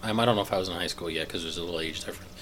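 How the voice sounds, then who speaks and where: A middle-aged man in casual conversation, telling anecdotes in a halting, rambling way. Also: low-pitched, fairly bright tone, slight background noise. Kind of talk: casual chat.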